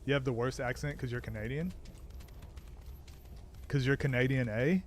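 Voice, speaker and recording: A man's voice: mid-range voice, steady tone, normal speed, a little hiss or hum. An American man chatting casually on a live stream, answering chat while he plays a game. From United States.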